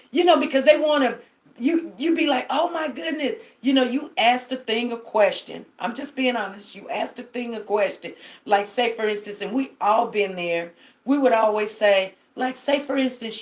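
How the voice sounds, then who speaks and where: A woman's voice: fairly high pitch, moderate pace. A woman hosting a casual live stream on her phone, chatting to viewers and telling stories with lots of fillers. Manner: chatty, storytelling, addresses viewers directly, many fillers.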